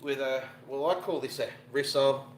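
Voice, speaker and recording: A middle-aged Australian man, a fishing vlogger, cooks during a livestream, rambling casually and greeting viewers with slang. His voice is medium-pitched at a normal speed, in a reverberant space with slight background noise.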